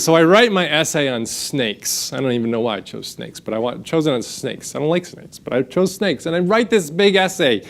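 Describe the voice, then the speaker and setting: A man, preaching a sermon and telling a self-deprecating story that he acts out in quotes. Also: on the high side. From United States. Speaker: pastor. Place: church sanctuary.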